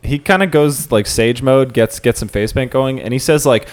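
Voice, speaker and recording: A man co-hosting a casual comedy podcast, swearing a lot and acting out characters in quick bits. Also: mid-range voice. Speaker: podcast co-host. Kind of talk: casual comedic chat recapping an anime.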